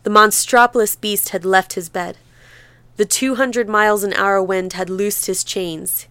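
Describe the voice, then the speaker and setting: A woman narrates a novel in a measured, vivid reading. Her voice is smooth and resonant at an ordinary pitch. The sound is dry and close, with no room around it. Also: fairly even intonation, bright, forceful tone, dry recording. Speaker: audiobook narrator. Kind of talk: scripted narration.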